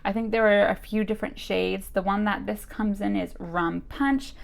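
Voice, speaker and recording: A woman's voice: medium pitch, steady tone, moderate pace, vocal fry, a little hiss or hum. A young woman chatting casually through a beauty box unboxing, full of fillers and a little out of breath. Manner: chatty, with many fillers like "like" and "you guys". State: a bit out of breath. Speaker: beauty vlogger.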